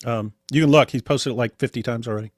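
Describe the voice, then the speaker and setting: Speaking fast in a mid-range voice, this man hosts a livestream with casual, emphatic commentary, repeating himself and repeatedly addressing viewers. The recording is studio quality, with no room sound.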